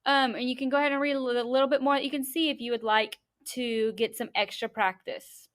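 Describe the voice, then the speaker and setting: A young adult woman teaching a class, explaining step by step and reading a story aloud slowly and deliberately in an encouraging way. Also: sits high, fairly even intonation, fairly bright tone.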